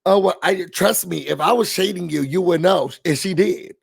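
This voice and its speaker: A man hosting a reality TV recap, ranting in an animated, sassy, blunt way. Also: high voice, moderate pace, creaky, breathy edge.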